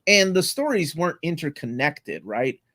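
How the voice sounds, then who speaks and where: Excited guy hosting a comics chat, kinda high voice, dry close mic, rambles a lot. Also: normal speed, no room sound. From Latin America. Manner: enthusiastic, rambling, filler-heavy. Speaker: podcast host. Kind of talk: casual comic-book chat.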